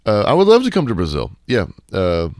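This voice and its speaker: A man's voice: on the low side, wildly swooping pitch, brisk, a little mellow, dry recording, studio quality. A man hosting a casual Q&A podcast, laid-back and wry, rambling with fillers, sarcastic asides and casual swearing. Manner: rambling, with many fillers and restarts. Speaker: podcast host.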